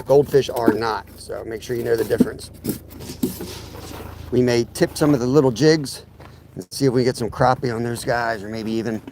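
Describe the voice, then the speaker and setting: A man's voice: mid-range voice, a little mellow, slight background noise. A man hosting a live ice fishing stream outdoors by a lake, losing his voice, talking easily as he walks through his gear and plans. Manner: easygoing, explains gear as he sets up. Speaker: fishing channel host. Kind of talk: casual live-stream chat.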